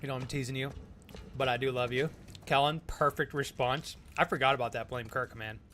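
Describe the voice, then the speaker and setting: A man's voice: mid-range voice, steady tone, fairly quick, a bit bright, a little hiss or hum. A young man streaming a game, chatting casually with viewers and making crude jokes. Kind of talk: casual live-stream commentary.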